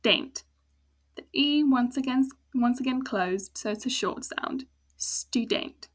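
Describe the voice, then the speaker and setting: A woman with a South African accent teaching a language lesson, patiently breaking words into sounds and syllables. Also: on the high side. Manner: patient, slow explaining with spelled-out sounds. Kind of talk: casual spoken lesson.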